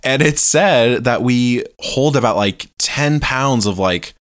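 A man's voice: medium pitch, slow, a bit bright, dry recording, clean studio sound. A man hosting a casual solo podcast, flamboyant, profane and joking as he talks to his listeners. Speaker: podcast host.

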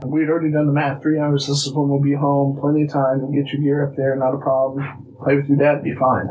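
A man from Illinois, a guest telling a personal story casually, animated and acting out bits of dialogue. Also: mid-range voice, a little fast, phone-quality sound, slight background noise. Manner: animated, acts out dialogue, restarts phrases.

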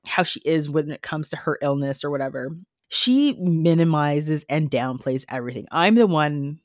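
A woman's voice: sits low, lively intonation, moderate pace, no echo, studio quality. A woman who works as a nurse, talking earnestly in a podcast conversation, with many fillers and restarts. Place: Canada.

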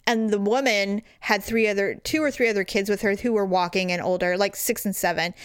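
A middle-aged woman chatting casually about parenting, acting out quotes in sudden high voices. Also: brisk, smooth, no room sound, clean studio sound. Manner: animated storyteller, acts out quotes in high voices. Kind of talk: casual chat.

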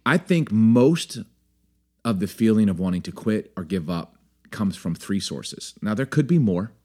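A man co-hosting a podcast, chatting casually and playfully, often breaking into laughter. His pitch swings widely as he talks, and he sounds lively and good-humored throughout. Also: a little slow. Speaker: podcast co-host. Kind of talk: casual chat.

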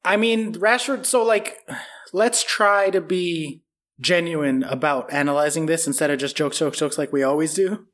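A fairly high-voiced man co-hosting a football chat. He reasons through transfers in a blunt, analytical way and drops casual swearing. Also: moderate pace, a bit bright. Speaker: podcast co-host.

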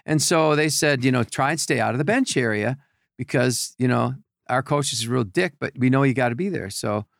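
An older man with a gravelly voice, telling rambling anecdotes as a podcast guest in casual chat. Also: mid-range voice, fairly quick, no echo, studio quality. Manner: rambling anecdotes with repeated restarts. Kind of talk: casual storytelling.

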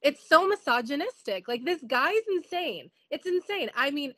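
A woman's voice: high voice, sing-song, fairly bright tone, no echo. A woman co-hosting a podcast, talking in an exasperated way and full of "like" in casual recap chat. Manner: exasperated, fast-talking with lots of "like". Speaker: podcast co-host.

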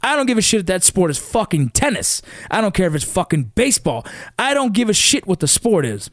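A man's voice: high-pitched, very animated, fairly quick, fairly bright tone, dry recording, clean studio sound. A middle-aged man, a father, telling a heated, profane story about his kids' sports in a blunt casual way. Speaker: father of wrestling kids.

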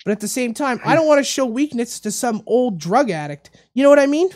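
A man hosting a casual talk show, telling a story in a rambling, animated way and repeating his words. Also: very high-pitched, brisk. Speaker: radio show host. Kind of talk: casual podcast chat, storytelling.

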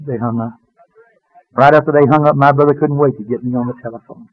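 A man giving an earnest spoken testimony, sinking low and soft at painful memories. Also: fairly even intonation, fast, no room sound. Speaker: testifying speaker. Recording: dull dry radio sound.

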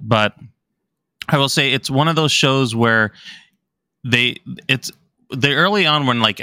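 Bright-voiced man, rambling podcast co-host, chatty delivery, dry close sound. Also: lowish voice, dry recording. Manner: rambling, many restarts. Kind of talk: casual chat.

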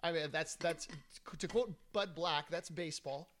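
A man's voice: on the high side, moderate pace, a bit bright. Chatty man on a podcast. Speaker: podcast co-host. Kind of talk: casual chat.

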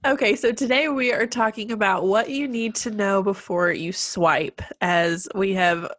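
A woman's voice: medium pitch, measured pace, fairly bright tone, no room sound. A woman, congested from allergies, co-hosting a casual podcast in a chatty, bubbly way. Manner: chatty, bubbly, says "like" often. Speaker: podcast co-host.

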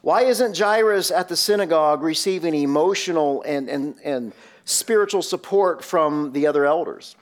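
A man's voice: a little high, moderate pace. A male pastor preaching a sermon, emphatic and full of rhetorical questions.

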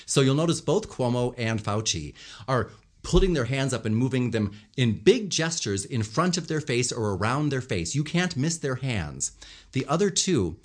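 A man's voice: mid-range voice, normal speed. A man talking as a communication coach, explaining body language and vocal melody and acting out different tones as examples. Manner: animated, demonstrates tones and gestures while explaining. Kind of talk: instructional commentary on speaking.

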